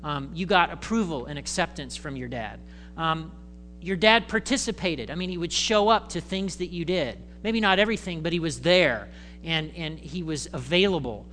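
A male pastor giving a conversational, animated sermon in church, acting out voices. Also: fairly high pitch, moderate pace, slight background noise.

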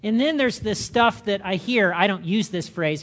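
An older man preaching a sermon, animated, acting out the voices of the people he quotes. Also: high-pitched, moderate pace, few pauses. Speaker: pastor.

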